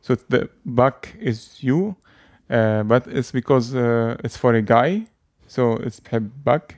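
A man's voice: medium pitch, takes it slowly, a little mellow, dry recording. Hesitant man explaining, dry sound. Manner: hesitant, many fillers and restarts. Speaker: language teacher. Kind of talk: casual explaining.

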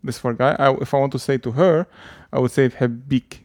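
A man's voice: medium pitch, fast, a little mellow, no echo. Hesitant man explaining, dry sound. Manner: hesitant, many fillers and restarts. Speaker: language teacher. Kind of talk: casual explaining.

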